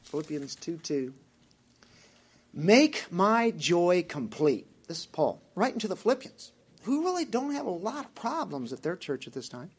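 A man's voice: sits high, huge pitch swings, fairly quick, darkish tone, husky. A man with a Southern US accent who preaches a sermon as pastor, asking his congregation direct questions.

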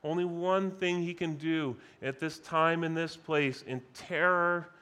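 A man preaching a sermon at a conference, deliberate and emphatic, repeating key phrases for weight. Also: a little high, steady tone, pushed and bright, smooth. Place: conference session.

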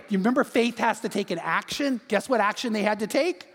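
Animated high-voiced pastor preaching. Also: male voice, a little fast, long reverb tail. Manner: animated, repeats words, conversational asides. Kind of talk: sermon.

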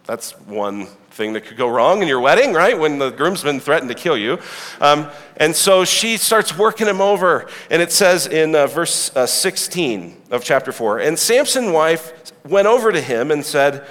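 A man with a slightly high voice preaching a sermon in a large hall, his words trailing off into a long reverb. He tells the story with animated, joking asides to the listeners. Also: measured pace. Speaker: pastor.

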